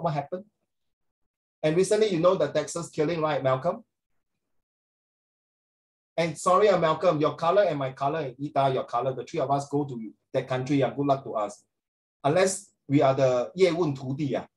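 Joking Singaporean teacher, higher voice. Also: male voice, normal speed, pauses often, low-quality recording. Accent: Singaporean English. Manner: animated, joking, sarcastic; sprinkles in Mandarin phrases. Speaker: social studies teacher. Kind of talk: classroom teaching.

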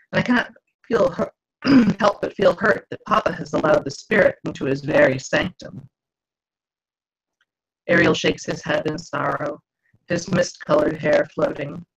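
A woman reads her novel aloud in measured first-person narration. Her voice is husky with a gravelly rasp, and it comes through a dull, lo-fi video call. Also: low-pitched. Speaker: author.

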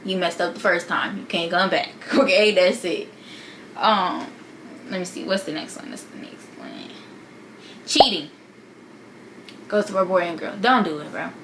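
Bright-voiced young woman giving sassy advice. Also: lowish voice, moderate pace, long pauses, slight background noise, rough recording. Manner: sassy, slangy, talks straight to viewers. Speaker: vlogger. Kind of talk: casual advice vlog.

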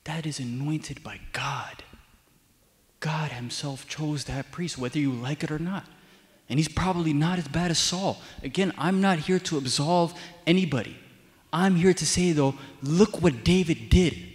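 A man's voice: a little high, moderate pace. Young male deacon preaching casually. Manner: casual storytelling with frequent fillers. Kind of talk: sermon. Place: church sanctuary. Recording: long church hall reverb.

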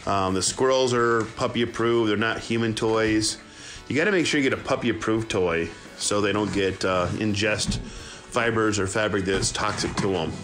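A man who breeds dogs, chatting casually to viewers while filming his puppies at play and often cooing to them in a high voice. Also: normal speed, a bit bright, soft background music. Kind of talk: casual running commentary to viewers.

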